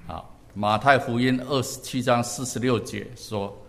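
A man preaching a sermon in short, measured phrases, pausing so his words can be interpreted. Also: medium pitch, steady tone, creaky, long reverb tail. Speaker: pastor.

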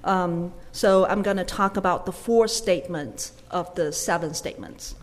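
Woman interpreting a sermon, hall reverb. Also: lowish voice. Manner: quick, with fillers and self-corrections.

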